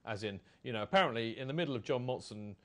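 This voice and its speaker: Rambling podcast host. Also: male voice, medium pitch, expressive, fast, fairly bright tone. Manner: rambling, chatty, does comic voices when quoting. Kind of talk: casual fan podcast chat.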